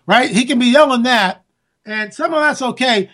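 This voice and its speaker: A man delivering a sarcastic, animated political monologue, talking straight to his listeners as folks. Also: extremely high pitch, normal speed.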